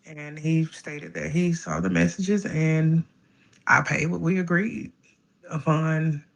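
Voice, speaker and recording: A woman, a salon customer, recounting an incident in a slow, matter-of-fact way. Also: low-pitched, steady tone, vocal fry, poor audio. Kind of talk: recounting an incident in a video clip.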